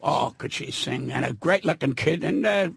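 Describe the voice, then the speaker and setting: Gravelly, profane older man ranting. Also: fairly high pitch, expressive, moderate pace, dry recording, studio quality. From New York. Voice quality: gravelly, husky. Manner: profane, loud, ranting, swings from mutter to shout. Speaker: guest comedian. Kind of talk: brash storytelling on a radio show. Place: radio studio. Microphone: studio mic.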